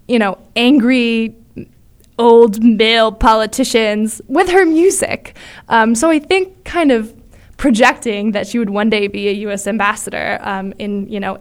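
Chatty higher-voiced woman. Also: smooth. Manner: chatty, many fillers, enthusiastic. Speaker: podcast co-host. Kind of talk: casual chat about musicals.

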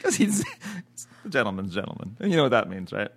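A man's voice: lowish voice, fast talker, vocal fry, breathy edge. A man co-hosting a podcast as a TV critic, chatting casually and jokily, often breaking into mock outbursts. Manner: animated, jokey, swings into mock outbursts. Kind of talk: casual chat.

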